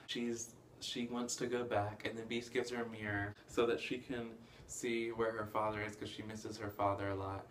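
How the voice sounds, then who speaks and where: A man's voice: medium pitch, moderate pace, slight background noise. Chatty young man recapping a movie. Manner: rambling, many fillers, bursts of excitement. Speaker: movie reviewer. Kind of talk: casual plot recap.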